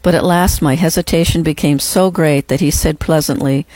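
Measured, reverent audiobook narrator. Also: medium pitch, fairly even intonation, a little mellow, no echo. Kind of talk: audiobook reading of a first-person memoir.

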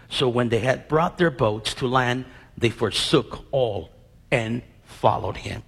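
A man's voice: medium pitch, a little slow, breathy edge, big-room sound. A man preaching a sermon, acting out Bible scenes and quizzing his congregation with questions.

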